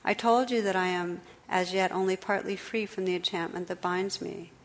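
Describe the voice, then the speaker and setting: A woman's voice: on the low side, fairly even intonation, normal speed, lightly acted. Lady Ragnell, a woman reading a sorrowful enchanted bride. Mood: gentle. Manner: pleading and sorrowful. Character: enchanted noblewoman, tearful and earnest, medieval bride. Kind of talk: storybook read-aloud.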